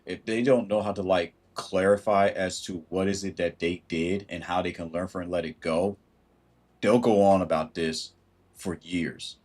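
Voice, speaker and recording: A man with a low voice hosts a casual livestream at a moderate pace, speaking animatedly. He acts out his thoughts in shifting voices and greets viewers mid-sentence.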